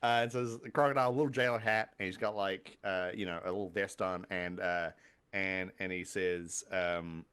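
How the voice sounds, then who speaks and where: A man's voice: sits low, fairly even intonation, normal speed, fairly bright tone, clear, resonant tone. A man running a tabletop game as game master, narrating in a hesitant way with many fillers.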